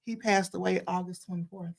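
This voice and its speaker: A woman on a casual faith and news chat, explaining the news carefully with many pauses and ums. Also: lowish voice, fairly even intonation, creaky, breathy edge. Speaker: panelist on a faith and news show.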